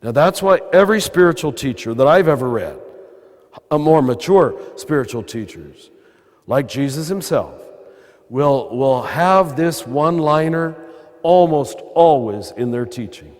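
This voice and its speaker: Older American priest in cathedral reverb. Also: male voice, a little high, lively intonation, a little slow. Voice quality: throaty. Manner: conversational, wry asides. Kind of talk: spiritual talk to a live audience. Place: large cathedral.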